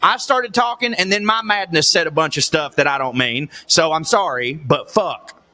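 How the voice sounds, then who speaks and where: A man's voice: a little high, moderate pace, bright, forceful tone. A man, co-hosting a podcast with heated, profane comic rants. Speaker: podcast co-host. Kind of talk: casual comedic chat.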